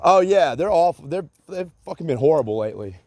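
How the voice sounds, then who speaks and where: Guy ranting to camera, swears a lot, keeps saying like, kinda higher voice. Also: animated, a little fast, darkish tone, no echo. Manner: agitated, profane, repeats himself, many fillers; sarcastic. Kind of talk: rambling solo rant.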